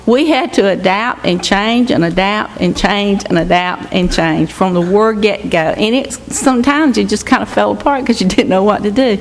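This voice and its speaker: An older woman with a gravelly, creaky voice gives an earnest church testimony, exhorting her listeners. She is heard in a reverberant sanctuary with a long echo. A faint hiss sits underneath. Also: mid-range voice, normal speed, few pauses. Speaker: mission team member reporting to her church.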